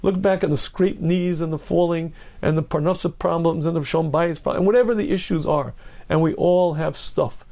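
Brief: rabbi, lecture voice, gravelly and dark, emphatic. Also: male voice, a little high, fairly even intonation, a little fast. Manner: earnest, emphatic, repeats key phrases; clears throat often. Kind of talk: Torah lecture.

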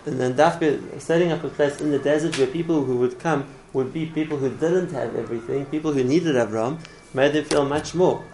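A man's voice: fairly high pitch, a little fast, hardly any pauses, darkish tone, a little hiss or hum, low-quality recording. A man teaching a religious class in an earnest way, often repeating words and restarting his phrases. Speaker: Torah teacher.

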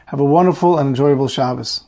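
A man's voice: medium pitch, fast, dark tone. A man giving a weekly Torah class as a rabbi, telling a story earnestly and pleading with his listeners.

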